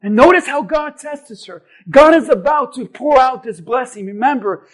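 A man preaching a sermon to his church, impassioned, often shouting and slowing down for emphasis. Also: extremely high pitch, expressive. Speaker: pastor.

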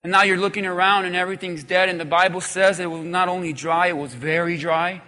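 High, bright-voiced male preacher. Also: steady tone, a little fast. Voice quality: emphatic, call-and-response preaching. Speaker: pastor. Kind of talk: sermon. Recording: long reverb of a large hall.

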